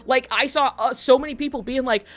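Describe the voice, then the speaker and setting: A woman's voice: high voice, brisk, a bit bright, faint music behind. A woman streamer telling a long story to her chat in a rambling way, laughing often and swearing freely.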